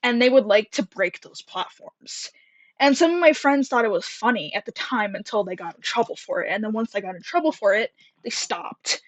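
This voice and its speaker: A woman's voice: a little high, normal speed, dry recording. A young woman telling a story from her school days in a casual, rambling way, full of fillers, a little out of breath. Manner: chatty, rambling, many fillers and laughs.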